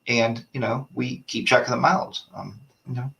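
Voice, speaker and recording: A man's voice: medium pitch, steady tone, moderate pace, vocal fry, fairly bright tone, distant mic. A man hosting a casual live-stream chat, rambling and ranting while reading viewer comments aloud. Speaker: host of a motorcycle chat show.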